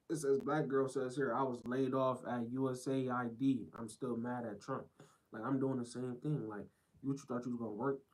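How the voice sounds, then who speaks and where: A man's voice: medium pitch, darkish tone, rough recording. A man live-streaming, reacting to clips in a blunt, rambling way that circles back over the same phrases. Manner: blunt, rambling, repeats himself.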